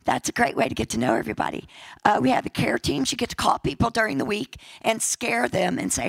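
A woman pastor with a raspy voice, deeply gravelly and full of fry, preaching in a sermon. She keeps it chatty and jokey and repeats key lines for emphasis. The sound is dry and close, with no room around her. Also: animated, brisk, dry recording, poor audio. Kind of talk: sermon with church announcements and prayer.

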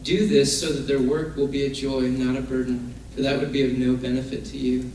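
A man's voice: mid-range voice, little pitch movement, brisk, a little mellow. A man preaching a casual, conversational sermon and acting out the people in his stories. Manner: casual, conversational, acts out quoted figures. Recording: very echoey room from far off, faint noise.

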